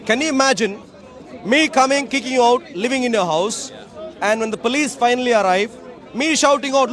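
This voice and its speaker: A man's voice: very high voice, fairly quick, a bit bright, a faint crowd. A man speaking as a street speaker in an outdoor park, debating passersby in an emphatic, repetitive, lecturing way. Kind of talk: open-air debate speech to passersby.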